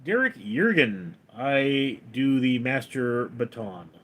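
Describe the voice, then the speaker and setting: A man hosting a livestream, reading viewer comments aloud and answering them in a deadpan, offhand way. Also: medium pitch, takes it slowly. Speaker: livestream host reading chat. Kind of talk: casual livestream chat.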